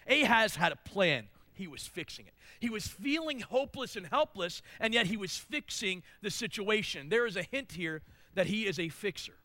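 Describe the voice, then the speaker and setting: A male pastor preaching a sermon, swinging between loud emphatic declarations and hushed asides. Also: sits high, dry recording.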